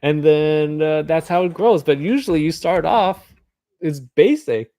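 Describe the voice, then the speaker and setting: A man's voice: on the high side, measured pace, dark tone, no echo, clean studio sound. A man vlogging alone in a casual, meandering monologue, full of filler words, sometimes acting out imagined voices.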